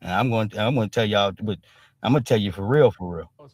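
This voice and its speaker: A man's voice: on the low side, fast talker. A man hosting a casual live-stream commentary, blunt and profane, who keeps punctuating his points with a tag question. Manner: emphatic, keeps punctuating with "all right?"; blunt and profane street talk.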